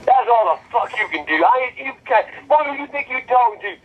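An older man cursing and ranting furiously on a phone call, with a raspy voice. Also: very high-pitched, animated, fast, a little hiss or hum. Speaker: prank call target. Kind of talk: prank call rant.

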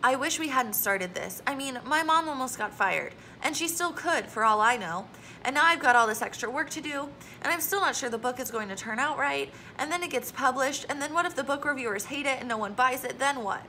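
A woman voicing an anxious, upset young girl in a storybook reading, her voice high-pitched and whiny with worry. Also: lively intonation, brisk, sharp tone, slight background noise, heavily acted, rough recording. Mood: worried.

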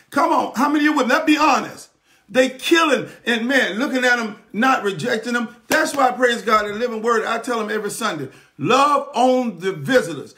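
A man preaching a sermon from the pulpit, calling for response and repeating praise God, sometimes rising to a shout. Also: sits high. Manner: rises to shouting at times. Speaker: pastor. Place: church pulpit streamed online.

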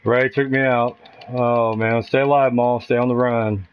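Calm Norwegian gamer calling targets. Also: male voice, mid-range voice, measured pace, dull audio, background noise. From Norway. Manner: steady, calls out targets, chuckles often. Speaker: gamer on a live stream. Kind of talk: casual gaming callouts.

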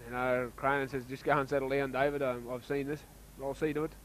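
An Australian man giving casual, chatty commentary on a local rugby league match, getting excited when play heats up. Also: medium pitch, quick pace, a little hiss or hum, low-quality recording.

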